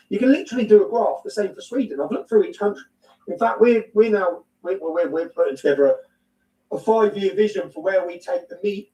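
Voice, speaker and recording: A man's voice: fairly high pitch, dark tone. Emphatic English man, echoey and distant. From England. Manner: emphatic, repetitive, blunt, swears. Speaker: interview guest. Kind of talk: heated conversational interview.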